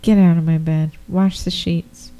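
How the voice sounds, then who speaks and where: A woman's voice: lowish voice, steady tone, unhurried, mellow, rough recording. A woman chatting casually while watching a movie, making joking, profane comments. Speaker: movie reaction co-host. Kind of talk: casual watch-along chat.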